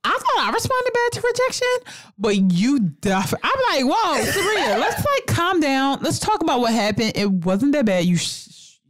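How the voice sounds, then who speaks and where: A woman's voice: a little high, normal speed, no echo. A woman co-hosting a podcast, chatting casually, blunt and profane as she tells stories with lots of energy. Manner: blunt, profane, animated storytelling. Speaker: podcast co-host. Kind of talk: casual chat.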